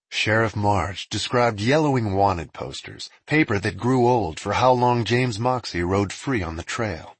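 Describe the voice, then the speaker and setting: A man narrating a storybook with an expressive reading. His voice is husky and moves animatedly. The recording is dry and close. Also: on the low side, unhurried, few pauses, no room sound.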